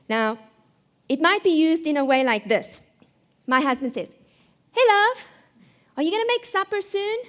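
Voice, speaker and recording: South African woman, host, high voice, playful stand-up delivery on stage. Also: a bit bright. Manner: playful, self-mocking, emphatic. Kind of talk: stand-up monologue. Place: live studio stage.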